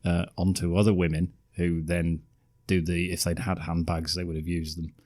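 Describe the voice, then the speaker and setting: Deep-voiced podcast co-host. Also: male voice, level tone, moderate pace, a little mellow. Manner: dry, sardonic and often laughing. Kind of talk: casual chat reviewing a film.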